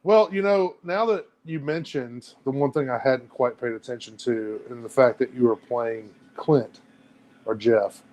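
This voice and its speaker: A man's voice: mid-range voice, measured pace, darkish tone, dull audio. A man co-hosting a casual podcast, teasing his friend in an easygoing way. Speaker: podcast co-host. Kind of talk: casual chat.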